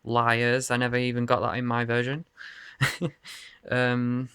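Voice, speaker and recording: Man, casual rambling chat, gravelly yet smooth voice, dry close sound, laughs and swears a lot. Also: medium pitch, completely flat delivery, a little slow, bright, forceful tone, no room sound. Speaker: video game collector showing his cases. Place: bedroom.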